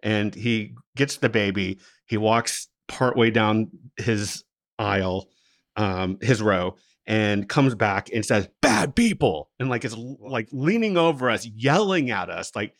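A man telling a story as a podcast co-host in casual chat, laughing often and animated. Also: on the low side, a little slow, dry recording, clean studio sound.

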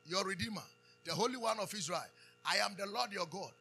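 A man with a Ghanaian accent preaching a sermon, calling out questions for the congregation to answer and building to loud emphasis. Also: sits high, brisk, gravelly, husky, faint music behind. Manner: call-and-response preaching, loud rising emphasis. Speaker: pastor.

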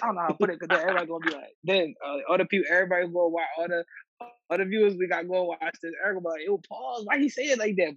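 A man's voice: high voice, fairly bright tone, dry recording, dull audio. A man co-hosting a podcast, rambling and backpedaling while he explains himself. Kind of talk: casual chat.

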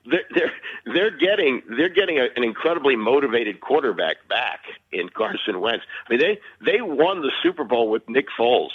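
Boğuk hatta konuşan erkek spor yorumcusu. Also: male voice, mid-range voice, big pitch swings, normal speed, slightly rough, phone-quality sound. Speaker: guest sports broadcaster. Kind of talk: casual sports chat.

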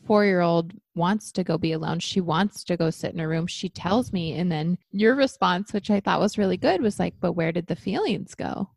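A young adult woman in candid casual chat about parenting, quick to agree. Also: lowish voice, vocal fry, a little mellow, no room sound. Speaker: podcast co-host.

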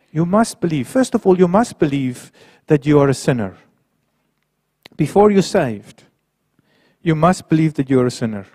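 A man preaching a sermon who swings between quiet, low passages and raised, emphatic ones. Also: no echo, studio quality.

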